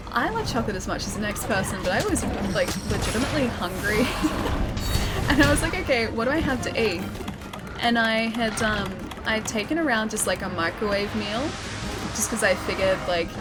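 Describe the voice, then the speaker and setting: A young adult woman with an Australian accent, chatting casually on a live stream while gaming, laughing often as she answers chat. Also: fairly high pitch.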